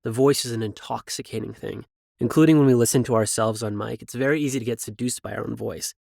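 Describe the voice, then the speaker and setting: Podcast host guy, mid pitch, earnest and jokey, super dry mic. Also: fast, creaky, darkish tone, no echo. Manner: earnest, joking, praising his guest. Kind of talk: casual interview chat.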